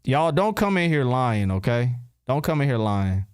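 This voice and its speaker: A man's voice: medium pitch, sing-song, moderate pace, a little mellow, clear, resonant tone, dry recording, clean studio sound. A man hosting a casual livestream, answering his chat in loose, slangy talk and repeating rhetorical questions. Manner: repeats himself and fires rhetorical questions at viewers.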